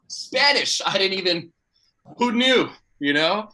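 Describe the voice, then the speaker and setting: A young man from Miami performing stand-up comedy with animated, self-deprecating storytelling. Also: high-pitched, slow pace, a little hiss or hum. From Miami, United States. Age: young adult.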